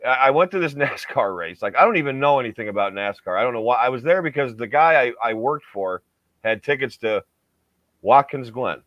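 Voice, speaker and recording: A man tells a rambling story in a casual podcast chat, his pitch swinging up and down as he goes. The sound is dull and lo-fi, and the room is very dry. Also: fairly quick, no echo. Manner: rambling, animated, swears freely. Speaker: podcast host.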